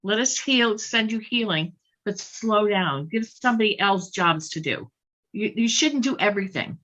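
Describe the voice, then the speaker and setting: A woman's voice: medium pitch, animated, moderate pace, a bit bright, muffled recording. A woman spiritual healer leading a live online session, insisting and repeating her points emphatically.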